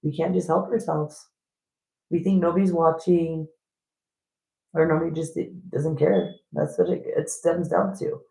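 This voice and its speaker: Woman, 50s, spiritual vlogger; blunt and rambling, jumps into high voices for quotes; echoey room. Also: steady tone, unhurried, creaky, mellow.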